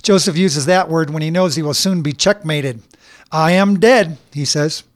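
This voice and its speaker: A man voices a boyish robot chess player, patient and literal-minded. His speech is formal and earnest, set a little high. The sound is dry, with no room echo. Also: normal speed, close to an everyday voice.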